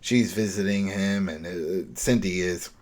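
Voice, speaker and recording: A man co-hosting a podcast, retelling an episode in a loose, rambling, animated way. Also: sits low, measured pace. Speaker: podcast co-host. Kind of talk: casual recap discussion.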